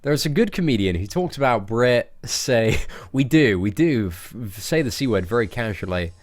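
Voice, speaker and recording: A man's voice: mid-range voice, expressive, moderate pace. A British man streaming a game live, chatting casually with viewers in a playful, joking way and laughing often.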